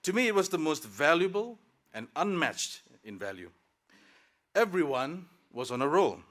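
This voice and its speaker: A man's voice: fairly high pitch, very animated, normal speed, fairly bright tone. A man, a working professional in his thirties, gives a prepared graduation speech at a podium microphone, formal and dotted with light jokes. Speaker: student speaker at graduation. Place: graduation ceremony.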